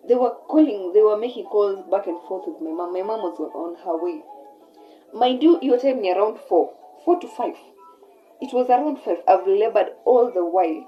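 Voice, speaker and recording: A young woman with a Kenyan accent telling a personal story in a casual, animated way, switching between English and Swahili mid-sentence. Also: medium pitch, normal speed, highs cut off, soft background music. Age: young adult. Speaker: vlogger.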